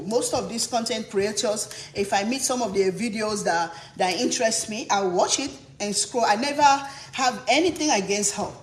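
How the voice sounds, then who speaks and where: Indignant woman ranting on a livestream. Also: on the high side. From Africa. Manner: indignant, emphatic, repeats phrases. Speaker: cooking channel host on a live stream. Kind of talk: heated livestream rant. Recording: echoey room, faint background noise.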